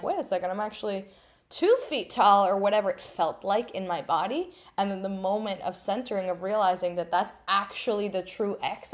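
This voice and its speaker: A woman hosting her own podcast, talking candidly and animatedly in a casual solo monologue, acting out her inner voices, laughing at herself and swearing freely. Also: mid-range voice. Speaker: podcast host.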